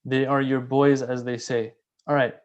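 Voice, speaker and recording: A man giving a casual, conversational religious lecture, animated and repeating key phrases for emphasis. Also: mid-range voice, moderate pace, muffled recording. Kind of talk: casual sermon explaining a classical text.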